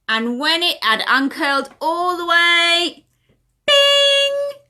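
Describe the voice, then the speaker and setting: Leading a home playgroup, a woman reads a picture book aloud to toddlers in a sing-song way and asks them questions. Her voice is a little high, bright and forceful.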